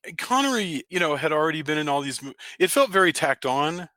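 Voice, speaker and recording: A man's voice: fairly high pitch, big pitch swings, quick pace, bright, forceful tone, no echo. A man co-hosting a podcast, chatting casually about a film and often restarting his sentences. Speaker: podcast co-host. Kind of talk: casual film review chat.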